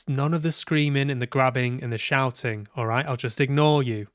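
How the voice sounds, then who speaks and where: A man's voice: mid-range voice, fairly even intonation, moderate pace, few pauses, fairly bright tone, clean tone, no room sound, studio quality. A man streaming a horror game, joking and talking back to its characters, swearing now and then when startled. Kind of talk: live gameplay commentary.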